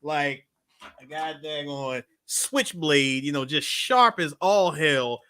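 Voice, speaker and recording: A man co-hosting a live podcast, retelling film scenes in an excitable, joking way. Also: on the high side, takes it slowly. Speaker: podcast co-host. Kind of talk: casual live podcast chat.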